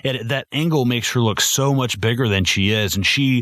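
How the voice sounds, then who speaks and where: A man's voice: mid-range voice, moderate pace, a bit bright, no room sound, clean studio sound. A man hosting a casual film-review podcast, rambling and swearing with enthusiasm. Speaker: podcast host.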